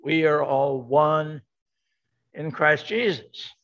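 A man's voice: a little high, takes it slowly, vocal fry, a bit bright. An older man preaching a sermon to a congregation, emphatic, repeating his key words. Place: church sanctuary. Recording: dull lo-fi sound.

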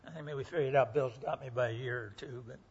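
Earnest elderly preacher, husky. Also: male voice, medium pitch, fast talker. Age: 80s. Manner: folksy, earnest, acts out quoted voices. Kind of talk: sermon with storytelling. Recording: muffled lo-fi recording.

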